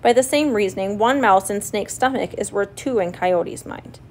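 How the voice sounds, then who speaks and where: A woman's voice: medium pitch, normal speed, a little hiss or hum, close to an everyday voice. A woman voicing a smug, matter-of-fact male rattlesnake in a storybook reading.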